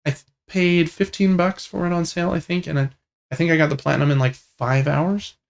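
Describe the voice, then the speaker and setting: A man co-hosting a gaming podcast, chatting casually in a relaxed, rambling way with lots of fillers. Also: fairly high pitch, a little fast, vocal fry, muffled recording. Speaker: podcast co-host. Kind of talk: casual chat about video games.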